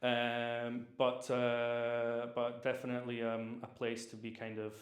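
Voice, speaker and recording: A man's voice: medium pitch, monotone, slow pace, echoey room. A young man with a Scottish accent, Polish by birth, telling his story as a guest in a casual interview, rambling with lots of fillers and restarts. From Scotland. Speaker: private chef, guest.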